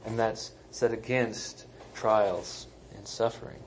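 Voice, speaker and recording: A man's voice: lowish voice, fairly even intonation, slow pace, slight background noise, poor audio. Conversational man preaching a sermon. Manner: conversational, emphatic, self-deprecating asides. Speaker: pastor. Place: church sanctuary.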